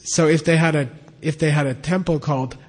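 A man's voice: a little high, steady tone, a little fast, darkish tone. Chatty male teacher in an echoey hall. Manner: chatty, repeats "okay?" to check on students. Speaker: teacher of Tibetan and Sanskrit texts. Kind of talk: informal classroom teaching.

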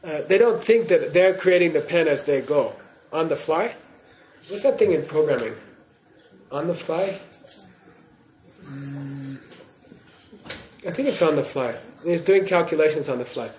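Guy teaching buddhism to a class, joking around, bit high voice, echoey room. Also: lively intonation, normal speed, a little mellow, slight background noise. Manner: playful, often checks in with "okay?" and laughs. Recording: roomy hall echo.

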